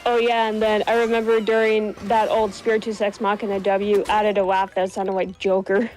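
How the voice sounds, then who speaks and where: A woman's voice: mid-range voice, level tone, normal speed, darkish tone, low-quality recording. A woman joining a gaming stream as a guest, chatting casually in a hesitant way with many fillers. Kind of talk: casual chat.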